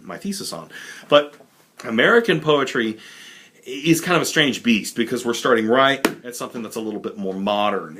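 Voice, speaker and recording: A man's voice: medium pitch, sharp tone. A young adult man teaching a recorded college literature lesson in a loose, informal way, with many fillers and asides. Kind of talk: casual recorded lecture.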